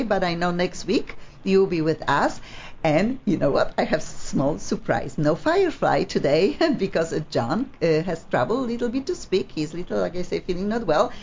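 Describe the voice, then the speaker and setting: A woman's voice: fairly low pitch, a little mellow, lo-fi sound, a little hiss or hum. A woman from Poland with a Polish accent, hosting a live radio talk show in a gushing, effusive way. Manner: effusive, gushing, non-native grammar.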